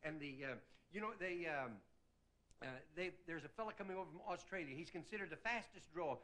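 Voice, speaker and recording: A male comedian telling a rambling folksy stand-up monologue, slipping into quick character voices. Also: fairly high pitch. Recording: old TV recording, loud audience laughter. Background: live studio audience laughing.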